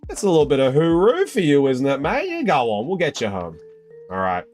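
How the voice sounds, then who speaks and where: A young Australian man hosts a casual live stream in a fairly high voice that swings widely, chatty and excitable, calling his viewers mate and bro. Loud, high exclamations break up his chatter, with faint music playing behind him. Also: brisk. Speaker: live stream host opening trading card packs.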